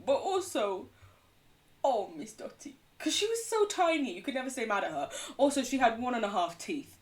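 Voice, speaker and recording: A woman's voice: a little high, big pitch swings, normal speed, far from the mic. A woman game streamer chatting casually and rambling as she plays, laughing often. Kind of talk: casual gaming chat.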